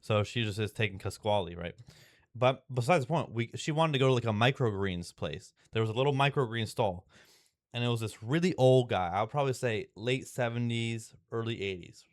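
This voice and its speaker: A man's voice: mid-range voice, expressive, a little fast, dry recording, clean studio sound. A young man telling a story in a rambling, casual way, full of fillers and restarts, exasperated and swearing now and then. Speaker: vlogger.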